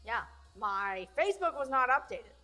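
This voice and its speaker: A woman's voice: fairly high pitch, sing-song, moderate pace, pushed and bright, faint music behind. A woman co-hosting a podcast, casually cutting in to correct details of her partner's story. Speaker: podcast co-host. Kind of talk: casual chat.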